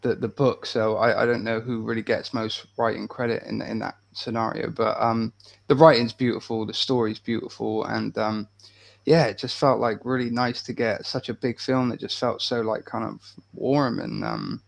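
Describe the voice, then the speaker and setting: Guy on a movie podcast, gravelly creaky voice, keeps restarting his sentences, thinking out loud. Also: lowish voice, steady tone. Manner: halting and thoughtful, with many restarts. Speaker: podcast co-host. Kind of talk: casual film review chat.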